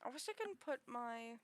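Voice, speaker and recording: A woman's voice: on the high side, no room sound. A young woman streaming, chatting casually with lots of giggles and fillers. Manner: giggly, filler-heavy rambling. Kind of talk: casual chat on a livestream.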